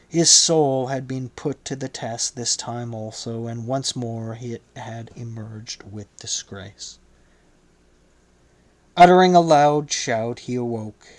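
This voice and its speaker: Slow, measured male audiobook narrator. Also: mid-range voice.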